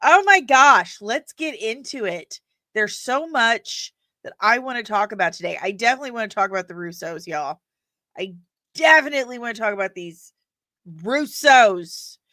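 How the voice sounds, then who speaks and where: A woman hosting a casual live stream of nerd news, chatting with the audience in an animated way and laughing often. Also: on the high side, normal speed, dry recording.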